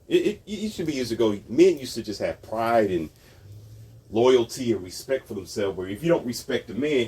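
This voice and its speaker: A man's voice: mid-range voice, a little mellow, husky. A man hosting a commentary channel, ranting about society in a sarcastic, emphatic way and repeating his points.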